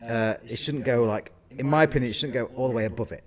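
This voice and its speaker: A man's voice: medium pitch, fast. A man co-hosting a casual podcast as a caterer, explaining things in detail with asides and self-corrections. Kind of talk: casual chat.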